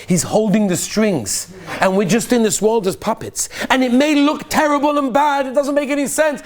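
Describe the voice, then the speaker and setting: Rabbi, man, high voice, lively teaching storyteller who swells to near-shouts. Peppers English with Yiddish. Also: fairly quick, hardly any pauses. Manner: animated storyteller, rising to near-shouts at peaks; mixes Yiddish and Hebrew terms into English. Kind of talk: Purim sermon with storytelling.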